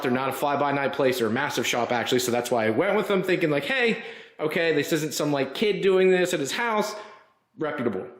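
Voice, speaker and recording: A man hosting a casual garage vlog, rambling and frustrated as he works on his car. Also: medium pitch. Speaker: car builder and channel host. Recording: roomy garage echo.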